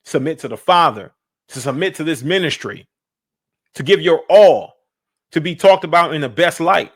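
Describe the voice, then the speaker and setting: A man talks on his reaction podcast in a fairly high voice for a man. He sounds emphatic and preachy, driving each point home by repeating it and asking the listeners if they follow. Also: moderate pace, husky. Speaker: podcast host reacting on a live stream. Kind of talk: live-stream reaction commentary.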